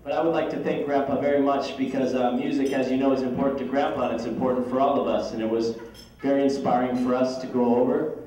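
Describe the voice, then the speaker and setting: A man's voice: medium pitch, steady tone, fast talker, mellow. A man, a grandson, giving a humorous birthday speech full of playful family anecdotes. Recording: echoey hall from far off, crowd noise.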